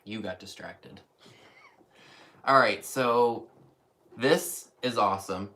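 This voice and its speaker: A man co-hosts a casual live stream and talks in an expressive, opinionated way. His voice sits low but sounds bright and forward. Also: takes it slowly. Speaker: co-host.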